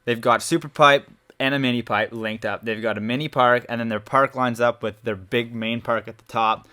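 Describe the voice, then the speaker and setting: A man's voice: mid-range voice, steady tone, normal speed, pushed and bright. Enthusiastic rambling young male co-host. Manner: enthusiastic, rambling, uses "like" often. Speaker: podcast co-host. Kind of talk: casual chat.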